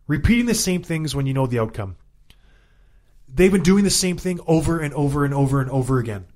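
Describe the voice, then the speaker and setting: A Canadian man in his thirties, a former hockey player, co-hosts a casual sports chat and rants in an animated, exasperated way, repeating himself for emphasis. His voice is a little high, and he talks briskly.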